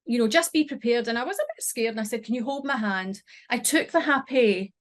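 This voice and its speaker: Middle-aged woman telling a raw story. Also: fairly high pitch. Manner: emotional, halting, with many restarts. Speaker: podcast guest. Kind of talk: personal storytelling.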